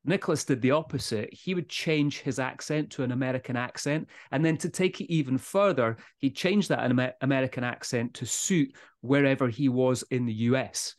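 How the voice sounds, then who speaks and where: A Scottish man hosting a whisky podcast in easy, energetic chat, laughing often and swearing now and then. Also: mid-range voice, fairly quick, hardly any pauses. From Scotland. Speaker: podcast host. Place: Speyside, Scotland.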